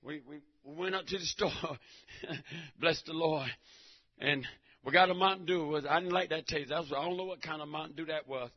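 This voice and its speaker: A man giving a preaching testimony in church, emphatic and repetitive, breaking into shouts. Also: a little high, fairly quick. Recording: dull lo-fi recording.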